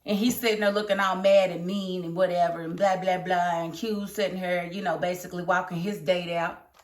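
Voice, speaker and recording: A woman reviewing a TV episode in casual commentary, animated and emphatic, scolding the characters. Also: lowish voice, fairly quick, reverberant. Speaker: TV show reviewer.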